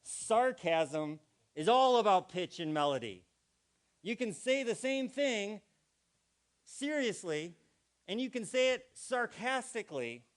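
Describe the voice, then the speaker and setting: A man speaking to a live congregation in a playful, interactive way, acting out tones of voice and quizzing the crowd. His voice sits high for a man and swings widely in pitch. He takes his time, with an unhurried delivery. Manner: playful, acts out vocal inflections and quizzes the audience. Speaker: guest speaker at a spiritual community gathering.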